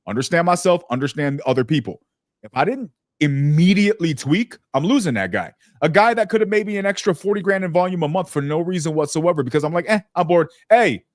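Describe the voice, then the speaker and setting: A man hosting a casual business podcast who tells stories bluntly and profanely and slips into lively impressions of people. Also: fairly high pitch, no room sound, studio quality. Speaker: podcast host.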